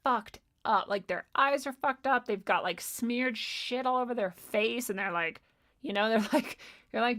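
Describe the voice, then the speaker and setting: Young woman streamer answering chat, swears freely, laughs often, tells stories with gusto; gravelly edge in the voice. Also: on the high side, normal speed. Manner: profane, laughing, animated storytelling. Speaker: livestream host answering chat. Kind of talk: casual livestream chat.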